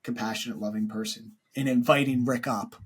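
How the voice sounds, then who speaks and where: A man's voice: medium pitch, fairly even intonation, a little fast, breathy edge. A man co-hosting a film podcast, talking casually and earnestly, full of "like" and restarts. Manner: rambling, heavy use of "like", earnest. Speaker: podcast co-host.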